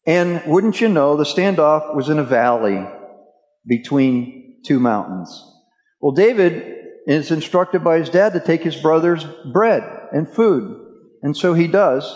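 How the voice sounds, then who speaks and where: A man's voice: fairly high pitch, darkish tone. A male preacher telling a scripture story in a casual, chatty storytelling way during a sermon. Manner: casual storytelling, addresses listeners as guys. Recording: echoey hall reverb.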